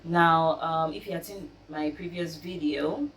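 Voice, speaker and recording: A young woman telling her own story of grief with faith, speaking softly and haltingly, with many pauses and fillers. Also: low voice, fairly even intonation. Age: young adult. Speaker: vlogger sharing her grief. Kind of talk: personal faith testimony. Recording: roomy, distant mic, faint noise.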